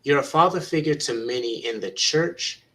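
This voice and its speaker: Bright voiced teacher guy on a panel, earnest, encouraging the young ones. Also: medium pitch, moderate pace, low-quality recording. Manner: earnest, encouraging, retells conversations. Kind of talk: panel talk, encouraging youth.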